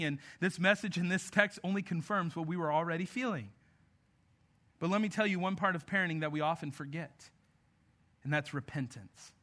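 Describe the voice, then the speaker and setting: A man preaching a sermon to parents, earnest, moving between emphatic lines and soft, intimate passages. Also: sits high. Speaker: pastor.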